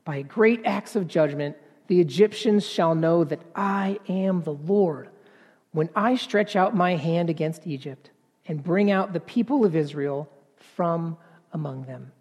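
A man preaching a sermon in an earnest, halting way, repeating words and then building to emphatic passages. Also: a little high, a little mellow, breathy edge, in a large hall.

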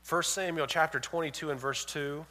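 Man, pastor, sermon, emphatic, bright tone, slightly high voice. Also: steady tone, moderate pace. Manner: emphatic, swings from loud and high to hushed storytelling.

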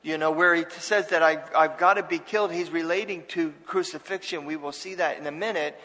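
Man, pastor preaching a sermon, earnest, slightly high voice, long hall reverb. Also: fairly even intonation, a little fast, sharp tone. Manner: earnest preaching with restarts and asides to the congregation.

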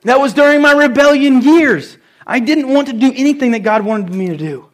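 Man, pastor, sermon, high voice, animated storytelling, emphatic repeats. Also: a little fast.

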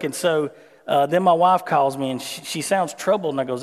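A man delivers a relaxed, folksy sermon, moving from scripture into everyday stories. His voice sits high for a man. It rings out with a long hall reverb. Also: normal speed. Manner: conversational, folksy preaching with personal stories. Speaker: pastor.

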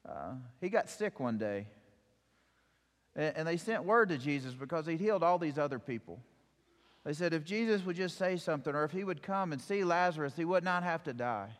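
A man giving a sermon, retelling a scripture story in a lively storytelling way with acted-out quotes. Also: on the high side, fairly quick, big-room sound. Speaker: preacher.

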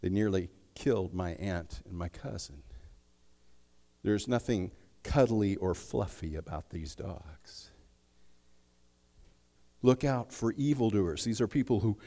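A man preaching a sermon, emphatic, swinging between hushed and loud delivery. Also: low-pitched, a little slow, vocal fry. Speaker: pastor. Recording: long reverb of a large hall.

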